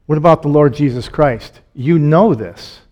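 Male preacher, somewhat raised pitch, reads scripture and explains it conversationally. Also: highs cut off. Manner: reads scripture aloud, then explains it in plain, conversational asides; drops to a soft, slow hush on solemn points, rises when excited. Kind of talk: sermon.

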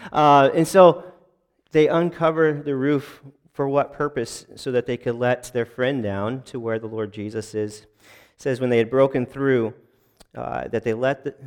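Male pastor, conversational sermon, halting delivery full of restarts, wry asides. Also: mid-range voice. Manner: self-deprecating jokes to the congregation.

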